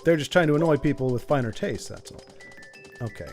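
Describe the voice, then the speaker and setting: A man's voice: on the high side, lively intonation, a little fast, darkish tone, soft background music. A man streaming a video game, chatting casually and jokingly with his viewers in a rambling way. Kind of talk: casual live-stream chat.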